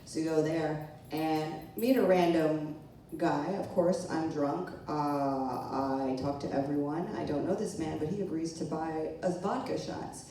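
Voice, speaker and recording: A woman's voice: low voice, unhurried, warm tone, slight background noise. A woman telling a funny personal story to a live audience, talking casually, laughing and swearing as she goes. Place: small event room with a live audience. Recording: echoey room from far off.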